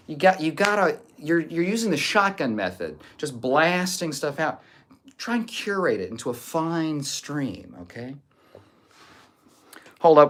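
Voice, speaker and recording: A man hosting a livestream, reading out viewer comments and answering trolls with dry, teasing sarcasm. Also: medium pitch. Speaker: livestream host. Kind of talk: casual chat reading live comments.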